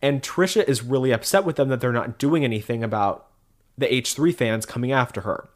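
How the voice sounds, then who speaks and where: A man's voice: medium pitch, fairly quick. A man co-hosting a casual podcast, recapping online drama and filling his talk with "like". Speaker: podcast co-host. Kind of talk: casual chat.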